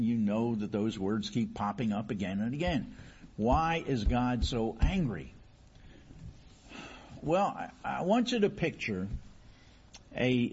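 A male preacher with a husky voice delivers a sermon through a long story. He restarts phrases often and asks the listeners question after question. The recording is slightly dull and muffled. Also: medium pitch, darkish tone.

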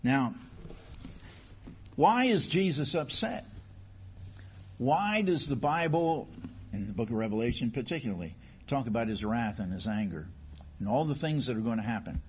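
A man's voice: mid-range voice, lively intonation, moderate pace, long pauses, a little mellow, highs cut off, slight background noise. A man preaching a sermon, telling a story and asking rhetorical questions with many restarts.

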